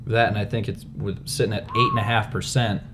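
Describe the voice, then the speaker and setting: A young man co-hosting a casual chat show, joking crudely and telling animated stories. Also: on the low side, fairly quick, noisy background. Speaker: podcast co-host.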